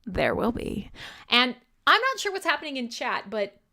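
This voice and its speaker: A woman's voice: on the high side, sing-song, normal speed, gravelly, sharp tone. A young adult woman hosting a live metal radio show, chatting irreverently with listeners, swearing and laughing often.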